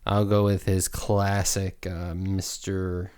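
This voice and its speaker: A man's voice: sits low, little pitch movement, takes it slowly, a little mellow, smooth, dry recording, studio quality. A man co-hosting a podcast, chatting casually in a laid-back way with mumbled fillers. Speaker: podcast co-host. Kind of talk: casual chat.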